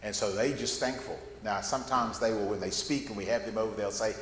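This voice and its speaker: A man's voice: on the low side, steady tone, fairly quick, fairly bright tone, echoey room, in a large hall, a little hiss or hum. An older man giving a folksy, rambling Bible class talk, often repeating words as he goes. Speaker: guest speaker at a Bible class. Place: church classroom.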